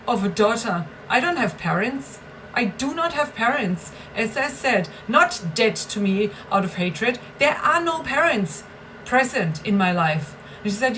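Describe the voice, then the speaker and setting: A woman's voice: mid-range voice, lively intonation, moderate pace, fairly bright tone, a little hiss or hum, rough recording. A woman venting in a personal vlog, bitter and emphatic, swearing and repeating herself for stress. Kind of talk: agitated personal vlog rant.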